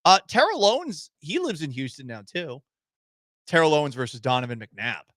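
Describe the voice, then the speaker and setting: A man's voice: a little high, big pitch swings, moderate pace, fairly bright tone, dry recording, clean studio sound. A man hosting a sports radio show, chatting casually, often laughing and letting his voice drop to a mumble. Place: radio studio. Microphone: studio mic.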